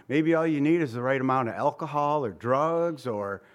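A man of middling pitch preaching to his congregation. He talks like he is chatting with them, firing off rhetorical questions. Now and then he acts out the voices of the people he quotes. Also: normal speed, hardly any pauses. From Italian family background. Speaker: pastor. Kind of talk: sermon.

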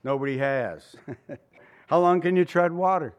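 Conversational preacher man, slightly higher voice. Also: unhurried, dull audio. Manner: conversational preaching with rhetorical questions and chuckles. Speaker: pastor. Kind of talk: sermon.

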